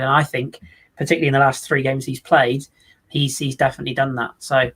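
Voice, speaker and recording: A man's voice: mid-range voice, flat delivery, quick pace, a bit bright. A man co-hosting a football podcast, chatting casually in a rambling, jokey way. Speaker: podcast co-host. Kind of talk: casual chat.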